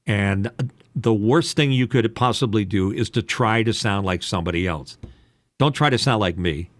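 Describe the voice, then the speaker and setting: A man with a lowish voice talks through advice in a meandering way, stopping for ums and uhs and drifting off on side points. The sound is dry and close, with no room around it. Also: moderate pace, no echo. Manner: rambling, digressive, lots of ums and uhs. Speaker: podcast host. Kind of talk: casual advice chat.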